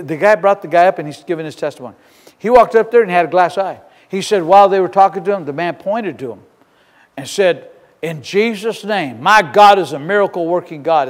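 A male pastor preaching a sermon in a church, fervent and emphatic, often repeating and restarting his phrases. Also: a little high. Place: church sanctuary. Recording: long reverb of a large hall.

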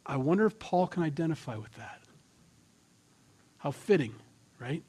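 A man's voice: a little high, expressive, measured pace, long pauses, breathy edge. Emphatic male pastor preaching. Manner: emphatic, swings from loud to hushed. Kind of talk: sermon.

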